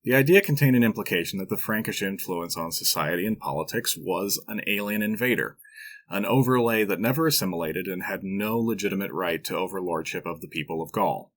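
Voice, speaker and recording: A man with a low, deep voice reads a scripted history narration as a podcast host. He keeps it measured and explanatory, dropping in dry, wry asides along the way. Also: a bit bright.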